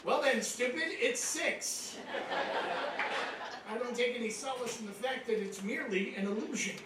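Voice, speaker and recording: A man in his fifties performs stand-up in a lounge on a cruise ship, chatting and poking fun at the crowd. His voice sits very high, and it echoes heavily around the room, picked up from some distance with a steady hum of background noise behind it. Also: normal speed. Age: 50s. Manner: conversational, teasing the crowd. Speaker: stand-up comedian. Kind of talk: stand-up comedy set. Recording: echoey room mic, caught from far off. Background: audience laughter.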